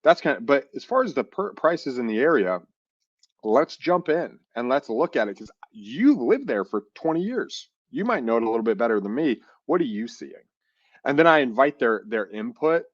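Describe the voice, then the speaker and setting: A man co-hosting a podcast in casual chat, telling stories in an animated way and acting out phone calls. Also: mid-range voice, normal speed, dry recording, lo-fi sound. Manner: animated, acts out phone calls, says "dude" and "like" a lot. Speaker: podcast co-host and real estate investor.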